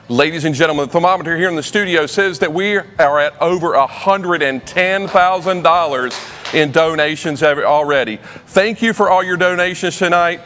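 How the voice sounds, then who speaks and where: A man's voice: a little high, fairly bright tone, in a large hall. A man working as auctioneer, making a rousing fundraising appeal in a studio and calling out donation levels.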